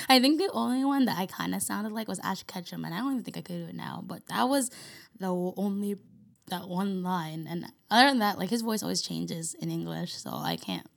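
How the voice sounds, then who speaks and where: A woman's voice: fairly low pitch, fairly quick, creaky. A young woman co-hosting a podcast, chatting casually, rambling and laughing often. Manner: giggly, rambling, heavy use of "like". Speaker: podcast co-host. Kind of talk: casual chat.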